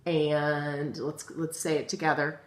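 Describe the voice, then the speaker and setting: A woman with a low voice teaches a phonics lesson to young children. She speaks patiently and addresses them directly, slowly spelling out each word letter by letter. She sounds middle-aged. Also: little pitch movement. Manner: talks directly to children as guys.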